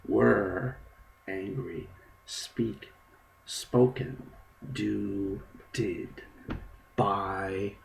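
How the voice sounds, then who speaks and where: A slow, gravelly man teaching an English lesson. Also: lowish voice, a little hiss or hum, low-quality recording. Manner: slow, step-by-step, trailing off softly. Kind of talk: recorded online textbook lesson.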